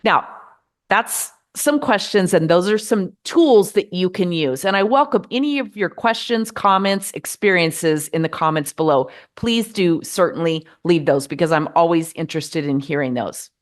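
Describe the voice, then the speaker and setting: Calm, earnest American woman giving advice. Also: fairly low pitch. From United States. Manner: earnest, measured, gently encouraging. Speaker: podcast host. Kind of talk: reflective advice monologue.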